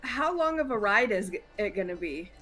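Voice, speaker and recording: A woman's voice: medium pitch, very animated, moderate pace, a bit bright. A woman playing a tabletop game, casually describing her character's actions with frequent laughter. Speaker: player. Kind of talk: tabletop role-play.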